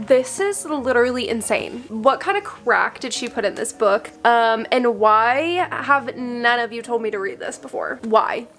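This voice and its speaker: A young woman filming herself at home for a casual reading vlog, gushing over a book with big dramatic reactions that often sink to a hushed murmur. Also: a little high, animated, a little slow, few pauses. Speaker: book vlogger. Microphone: camera mic.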